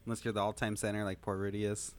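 A man's voice: fairly low pitch, flat delivery, fast talker, slight background noise. A man co-hosting a podcast in casual, jokey chat, often trailing off mid-thought. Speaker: podcast co-host.

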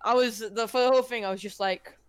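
A man co-hosting a casual chat, telling stories in an animated, self-mocking way. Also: very high-pitched, fast talker, clean tone, no echo.

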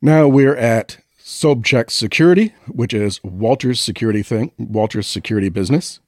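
A man's voice: medium pitch, moderate pace, a little mellow, no echo, studio quality. A man co-hosting a podcast, casually retelling a film scene by scene in a loose, rambling way and acting out the lines. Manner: loose rambling retelling, acts out quotes, swears. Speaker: podcast co-host. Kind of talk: casual movie recap chat.

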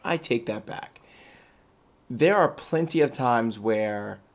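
Man, gravelly voice, teasing, joking, casual chat. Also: medium pitch, lively intonation, takes it slowly.

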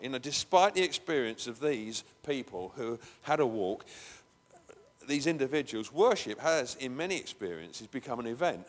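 A man's voice: mid-range voice, big pitch swings, moderate pace. A man preaching a conversational sermon in a church, breaking into emphatic, raised bursts. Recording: long hall reverb.

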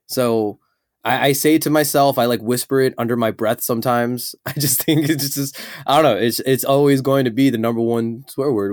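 A man's voice: medium pitch, no room sound, studio quality. Enthusiastic, rambling man from Chicago. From Chicago, USA. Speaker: interviewee. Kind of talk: casual chat.

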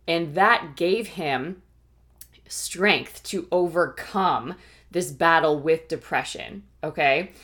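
A woman's voice: deep voice, fairly bright tone. A woman giving a faith-based teaching talk, earnestly explaining and checking in with her listeners with a frequent "okay?" and "right?". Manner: earnest, explanatory, occasional restarts. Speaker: Christian teacher and life coach.

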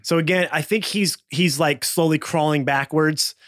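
A man with a slightly higher voice runs a tabletop game. He calls out rolls and results and narrates what the enemy does, and his voice sounds dry and close to the mic. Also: fairly even intonation, normal speed, a bit bright, no echo. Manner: calls rolls and describes the action. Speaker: game master.

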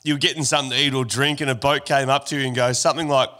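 A man's voice: mid-range voice, fairly even intonation, rapid-fire, pushed and bright. An Australian man in his thirties hosting a podcast, reading an email aloud and ribbing his guest in casual banter. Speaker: podcast host.

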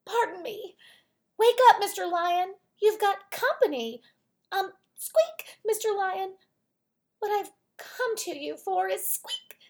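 A woman voicing a small, timid but hopeful boy mouse in a storybook reading, squeaky, eager and nervous. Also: animated, a little slow, heavily acted. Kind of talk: storybook read-aloud.

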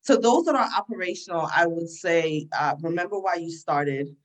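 A woman's voice: lowish voice, lively intonation, normal speed, low-quality recording. A woman guesting on an interview podcast, speaking in a reflective, encouraging way about her work. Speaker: guest entrepreneur.

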